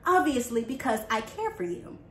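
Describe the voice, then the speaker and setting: A woman's voice: high-pitched, sing-song, moderate pace, a little hiss or hum. A young woman frankly and casually telling a personal story to camera, talking loosely with plenty of fillers. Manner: frank and conversational, full of fillers. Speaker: vlogger. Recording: roomy echo, faint ambience.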